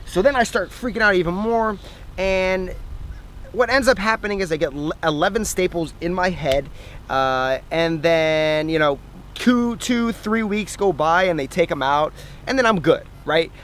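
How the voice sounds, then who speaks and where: A young man talks straight to camera outdoors, telling a story in an animated, chatty way and laughing at himself. His voice sits fairly high for a man. Faint outdoor noise runs underneath. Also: moderate pace. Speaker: fitness vlogger.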